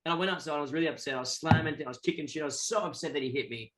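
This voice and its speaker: Aussie guy telling a wild story, lively, a bit high-pitched, swears a lot. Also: racing. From Australia. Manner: animated, acts out other people's voices; swears casually. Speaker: guest musician. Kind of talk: casual storytelling.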